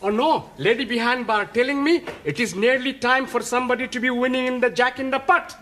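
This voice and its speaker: A man's voice: very high voice, fairly even intonation, brisk. A man in a sitcom, fussy, speaking stilted formal broken English. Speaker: sitcom character, student. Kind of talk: sitcom acting. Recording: old TV sitcom audio, faint hiss.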